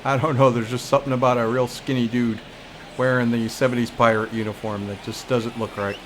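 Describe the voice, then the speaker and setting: A man's voice: mid-range voice, little pitch movement, a little fast, background noise. A man with a New York accent giving casual, wry commentary while playing a baseball video game. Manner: chatty, wry, reacts to the game as it goes. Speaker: gamer playing a baseball franchise. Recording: game music playing behind.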